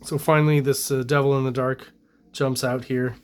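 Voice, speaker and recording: A Canadian man in the middle range of male pitch, giving casual commentary on comic-book art. He talks in a loose, rambling way, full of "um" and "you know", stopping to restart his sentences. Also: normal speed. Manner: relaxed, rambling, many fillers. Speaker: comic artist reviewing comic art.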